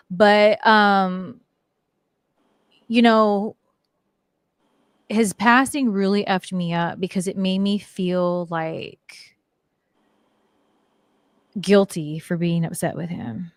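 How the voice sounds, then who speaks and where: A woman's voice: lowish voice, fairly even intonation, slow, pauses often, clean tone, no room sound. A middle-aged woman, a guest on a talk show, telling personal stories casually, full of "like" fillers. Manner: chatty, many "like" fillers. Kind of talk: casual storytelling interview.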